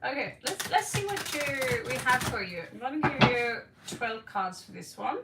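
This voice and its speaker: A woman's voice: a little high, sing-song, moderate pace, gravelly, echoey room, distant mic, very noisy. A woman reading tarot on a live stream, playful, giggly and rambling, recorded in her own room. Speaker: tarot reader.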